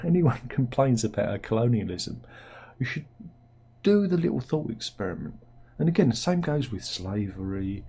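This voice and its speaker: A man's voice: medium pitch, warm tone, slightly rough. A man hosting a casual satirical news commentary, rambling along with wry, sardonic asides. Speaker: host.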